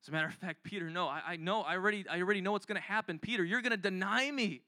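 A man playing a calm, sorrowful male teacher who speaks softly and gravely. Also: high voice, racing, dry recording. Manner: soft, grave, steady.

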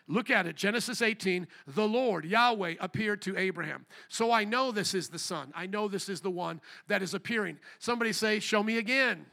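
High, bright-voiced preaching man. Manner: preaching with call-and-response prompts to the congregation; reads scripture aloud, slowing and rising in pitch for quoted lines. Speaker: pastor. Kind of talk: sermon. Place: church service.

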